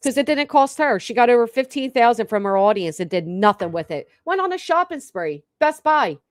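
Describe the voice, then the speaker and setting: A woman's voice: on the high side, very animated, brisk, no room sound, studio quality. A woman hosting a reaction stream, talking bluntly and profanely to her chat. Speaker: livestream commentary host.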